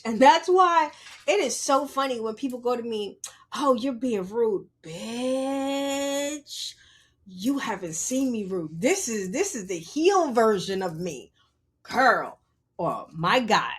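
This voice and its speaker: A woman with a slightly high voice, talking candidly as a podcast guest. She is blunt and playful, swears freely, and swings her pitch way up when she acts out what others said. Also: husky. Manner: animated, playful, blunt and profane; acts out quoted people with big pitch jumps. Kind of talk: candid conversational storytelling.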